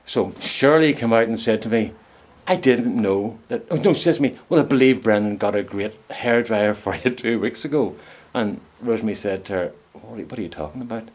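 A man's voice: on the low side, moderate pace. A man casually telling a funny personal anecdote, rambling along and chuckling at his own story.

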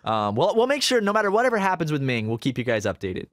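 Young man, podcast co-host, animated storytelling, swooping pitch, dry close sound. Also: quick pace, no room sound. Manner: animated storytelling, bursts of loud laughter. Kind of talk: casual podcast banter.

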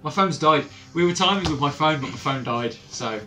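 A man's voice: fairly high pitch, animated, brisk, over loud music. A man commentating a video game with friends, joking around and breaking into silly voices. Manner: jokey, bursts into loud laughs and silly voices. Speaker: let's play commentator. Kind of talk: casual gaming chat.

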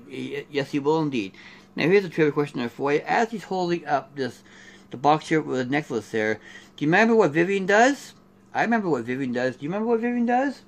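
A man's voice: on the high side, creaky. A middle-aged man from Canada doing a casual unboxing review of collectible figures. He rambles and keeps saying "there" and "here".

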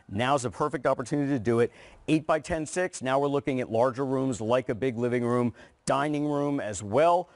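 A man pitching rugs as a guest on a home shopping broadcast, enthusiastic and persuasive. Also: a little fast, dry recording. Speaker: rug company representative. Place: TV studio.

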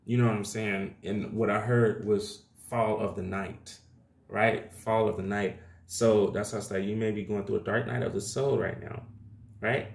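A man's voice: lowish voice, fairly even intonation, moderate pace, vocal fry. A man doing a casual tarot reading to camera, talking loosely and chattily with plenty of slang, calling his viewers y'all. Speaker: tarot reader. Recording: echoey room.

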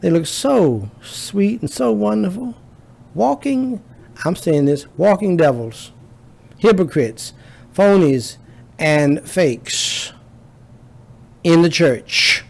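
A man's voice: fairly high pitch, gravelly. A man preaching a sermon as pastor, building emphasis through repetition.

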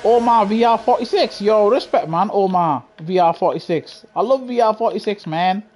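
A man's voice: high-pitched, normal speed, a little mellow. A young man, streaming live racing gameplay and teasing the players in his lobby, laughing often and full of slang. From England. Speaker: gaming streamer.

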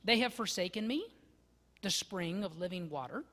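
A man preaches a sermon in a fairly high voice. He is expressive, pressing hard on some words and dropping to hushed asides on others. The sound carries a long reverb from the church sanctuary. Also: moderate pace. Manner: expressive, swinging from loud emphasis to hushed asides. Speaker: pastor.

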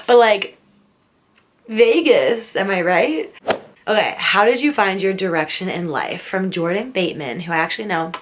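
A woman's voice: medium pitch, lively intonation, normal speed, slight background noise. A young woman answering viewer questions in a casual vlog, talking freely with many fillers. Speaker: vlogger.

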